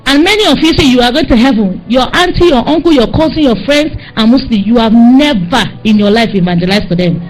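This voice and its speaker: A woman's voice: on the high side, animated, fairly quick, few pauses, low-quality recording. A woman with a Nigerian accent preaching a sermon, scolding and exhorting her listeners with insistent repetition.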